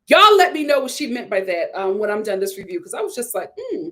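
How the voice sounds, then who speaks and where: A TV show reviewer gives a chatty, opinionated live take on an episode, laughing often and putting on voices to act out quotes. Her voice is medium-pitched and a bit bright, with big swings in pitch, and she talks fast.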